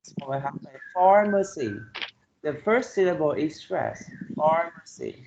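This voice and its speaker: Slow gravelly Vietnamese-accented male teacher. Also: on the high side, very animated, dull audio, background noise. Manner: slow, repeats "okay" and "right?" to check understanding. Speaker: English teacher. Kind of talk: online class lecture.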